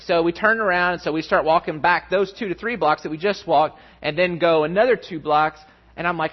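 A man preaching a sermon, telling a family story with lively, animated delivery. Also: on the high side, brisk, highs cut off. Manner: storytelling, animated, mimics voices in anecdotes. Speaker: pastor.

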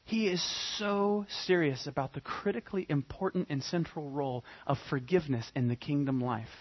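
A man preaching a sermon with a husky, somewhat high voice. He swings dramatically between loud, pressing emphasis and soft, hushed asides. The sound is a little dull and muffled. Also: normal speed. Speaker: pastor.

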